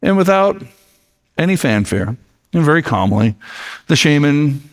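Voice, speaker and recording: A man's voice: fairly high pitch, sing-song, measured pace, long pauses, in a large hall. A male pastor giving a sermon in a conversational, storytelling way, recorded in a church sanctuary.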